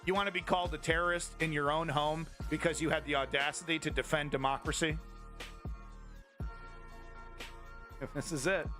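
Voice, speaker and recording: Male stream host, angry political rant, swears a lot, slightly high voice, faint music under it. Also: fairly even intonation, fast, hardly any pauses, pushed and bright. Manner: heated, profane, rambling with restarts. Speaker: live-stream news host. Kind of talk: angry political commentary to chat.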